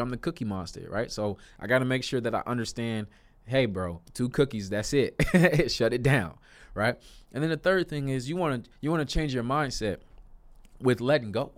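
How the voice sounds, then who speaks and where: Earnest young man giving self-help advice. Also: mid-range voice. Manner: earnest, repetitive, rises to emphatic outbursts. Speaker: self-help video creator. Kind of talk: motivational talk to camera.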